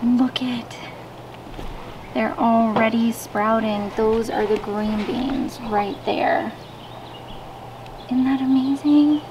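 A woman's voice: fairly high pitch, fairly even intonation, slow pace, long pauses, dull audio. A woman vlogging at home in a casual, chatty way, often laughing and poking fun at herself. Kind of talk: casual vlog chat. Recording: noisy home recording.

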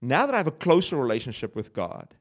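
Animated man preaching a sermon. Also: mid-range voice, fast. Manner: animated preaching with rhetorical questions to the audience; conversational, with self-mocking laughs. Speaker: pastor.

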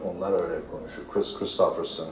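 Male actor, lower voice, confident explainer, roomy and off-mic with faint noise. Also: little pitch movement, very fast, a crowd in the background. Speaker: actor, interview guest. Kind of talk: interview explanation. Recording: echoey, distant, with faint room noise.

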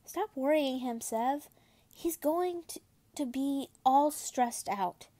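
A woman reading the lines of a calm, protective teenage boy wizard, in a plain, close voice. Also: a little high, takes it slowly, no echo, full character voice. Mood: soothing. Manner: calm and soothing.

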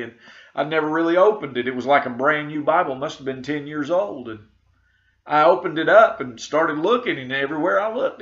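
A man's voice: medium pitch, gravelly, fairly bright tone. A middle-aged pastor, a man, earnestly telling his conversion story and quoting the people in it. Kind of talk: spoken testimony. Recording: dull lo-fi recording.

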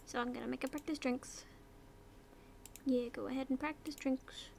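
This young British gaming YouTuber's high voice is fairly even and a little mellow, with vocal fry and a moderate pace, over a little hiss or hum. She chats casually through a life-sim game as a let's-play, instructing her characters, whispering, putting on silly voices, and swearing in passing.

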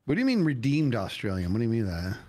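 A man's voice: medium pitch, huge pitch swings, quick pace, darkish tone. A man in his forties playing a game with a friend, silly and playful, full of singsong sound effects. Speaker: guest co-player. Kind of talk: casual gaming chat.

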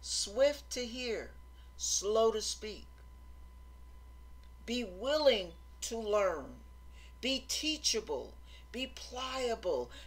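Slow-talking woman preaching earnestly. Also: a little high, expressive. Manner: earnest, exhorting, repeats phrases for emphasis. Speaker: Christian teacher. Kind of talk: informal sermon.

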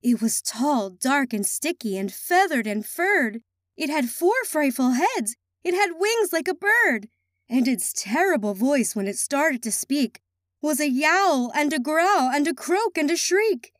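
A woman reading a children's picture book aloud in an expressive, sing-song way. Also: sits high, a little slow, dry recording, studio quality. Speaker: children's story reader.

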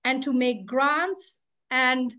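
An older woman speaks high and animated in a candid panel talk, tossing in sarcastic asides. Her audio comes through a dull, lo-fi video call. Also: slow. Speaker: public interest lawyer.

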